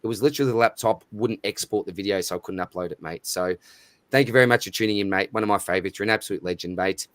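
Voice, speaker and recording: An Australian man hosting a live stream in a relaxed, matey way, calling out viewers by name. His voice sits fairly low, and the sound is dry and close with no room echo. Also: rapid-fire. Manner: matey, chatty, reads out viewer names. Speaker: livestream host. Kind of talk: casual live stream chat.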